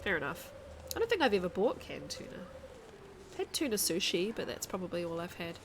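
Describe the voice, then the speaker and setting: Softly accented New Zealand woman streaming. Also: lowish voice, wildly swooping pitch, brisk, a little hiss or hum. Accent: New Zealand, soft. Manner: chatty, reads chat aloud, thinks out loud. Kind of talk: casual live gaming chat.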